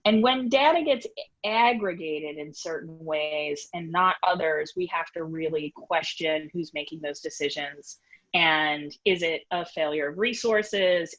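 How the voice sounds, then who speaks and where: A woman researcher with a Boston accent on an online panel, explaining briskly with self-deprecating asides. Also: deep voice, a bit bright, lo-fi sound. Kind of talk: academic panel discussion.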